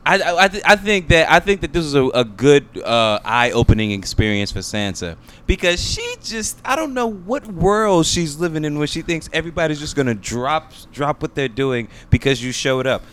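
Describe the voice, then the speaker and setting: A man co-hosting a podcast in casual chat, retelling scenes in a profane, animated way. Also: fairly high pitch, normal speed, few pauses, a little hiss or hum. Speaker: podcast co-host.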